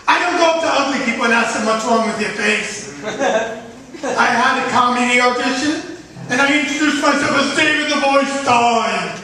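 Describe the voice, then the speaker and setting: Guy doing crude self-mocking standup, super high thin odd voice, bright, echoey club picked up from far off. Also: normal speed, slight background noise. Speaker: stand-up comic. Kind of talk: stand-up comedy set. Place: comedy club stage.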